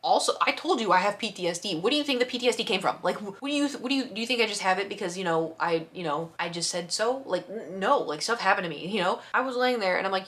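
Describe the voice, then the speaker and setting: A woman's voice: on the low side, quick pace, hardly any pauses. Chatty woman telling a storytime. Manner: chatty, animated retelling with voiced quotes and sound effects. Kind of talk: casual storytime vlog.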